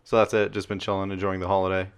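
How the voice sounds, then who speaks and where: A man with a low, deep voice co-hosting a podcast. He keeps the casual chat relaxed and dry, with an easy, laid-back delivery. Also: very fast, clean tone. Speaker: podcast co-host.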